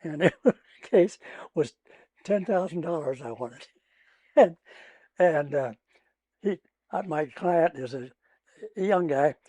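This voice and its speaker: An older retired trial lawyer with a Midwestern American accent tells courtroom stories in a casual interview, laughing often and acting out his own shouting. His fairly high voice is animated, slow, and full of pauses, with no room sound.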